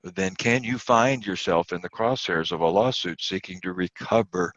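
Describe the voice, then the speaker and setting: A man with a very low voice delivers an online lecture, pushing his voice up to stress key points between frequent fillers. The sound is dry and slightly muffled, like a computer mic on a video call. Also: normal speed, a bit bright, no echo. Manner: emphatic, rising on key points, many fillers.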